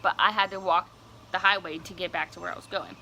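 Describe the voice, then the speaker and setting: A woman's voice: lowish voice, fairly even intonation, fast, gravelly, pushed and bright, a little hiss or hum, low-quality recording. A young woman telling a personal story on her vlog, casual, candid and cursing freely. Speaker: vlogger.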